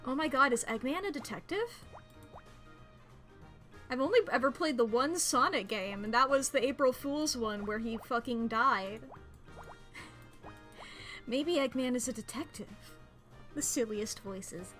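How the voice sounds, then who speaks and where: A woman's voice: on the high side, expressive, measured pace, pauses often, fairly bright tone, faint music behind. A woman streaming a puzzle game, chatting in a playful, rambling way and laughing often. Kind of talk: casual gameplay commentary.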